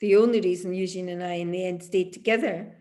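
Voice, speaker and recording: A Scottish woman in her fifties, a musician looking back on her life in an oral history interview, telling lively stories and laughing often. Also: fairly low pitch, quick pace. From Glasgow, Scotland. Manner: animated storyteller, laughs often.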